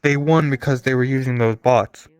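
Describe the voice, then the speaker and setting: A man's voice: mid-range voice, fairly even intonation, normal speed, clean tone, dry recording. A man chatting offhand in a voice chat, giving his opinion. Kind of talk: casual chat.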